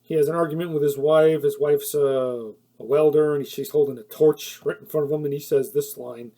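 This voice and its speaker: Speaking at a normal speed with hardly any pauses, he has a fairly high, warm voice and fairly even intonation. His casual film review rambles with lots of fillers and self-corrections, he laughs at his own points, and annoyance makes him heated.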